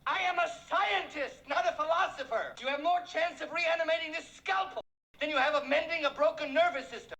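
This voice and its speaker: An actor playing a prim, high-strung young surgeon with precise diction who bursts into shouting fits, in a 1970s film comedy. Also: male voice, brisk, exaggerated voice, rough recording. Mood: lecturing. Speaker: lecturing professor.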